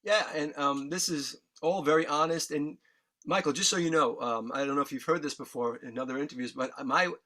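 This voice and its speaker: A man's voice: a little high, a little fast, pushed and bright. Emotional New man telling his story. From New York. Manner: earnest, candid, swears freely, emotion audible in voice. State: choked up. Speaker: guest musician.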